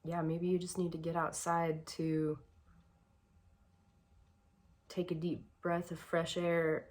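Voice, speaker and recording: A woman's voice: fairly low pitch, little pitch movement, measured pace, a little mellow. A woman vlogger giving casual personal advice, reflective and a bit emotional, with a shaky voice and many fillers.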